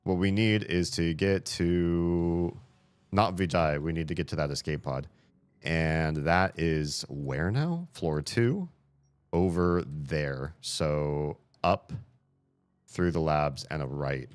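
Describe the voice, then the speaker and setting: Male streamer, low-pitched, excitable and jokey play-by-play, dry sound. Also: slow, clear, resonant tone, dry recording. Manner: excitable, jokey, reads in-game emails aloud. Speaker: gaming streamer. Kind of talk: let's play commentary.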